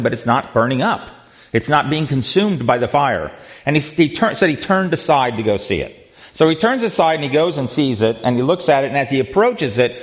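A man leading a conversational Bible teaching, asking his listeners rhetorical questions, with frequent ums and restarts. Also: mid-range voice. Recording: dull lo-fi recording.

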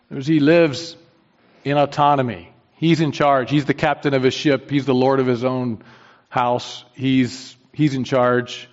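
A man preaching a sermon, earnest and emphatic, repeating his key phrases for weight. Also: mid-range voice. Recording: dull sound with long hall reverb.

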